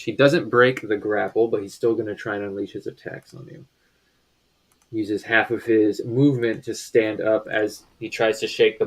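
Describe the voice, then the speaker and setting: A man's voice: fairly low pitch, low-quality recording. A man narrating as game master, describing scenes in a loose, rambling way with many fillers.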